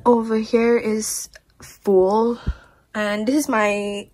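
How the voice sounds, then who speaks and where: A woman's voice: a little high, flat delivery, drawn-out words, a little mellow, low-quality recording. A young woman with a Malaysian English accent, chatting casually in a vlog at home, bubbly and a little out of breath, slipping in Malay words. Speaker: vlogger.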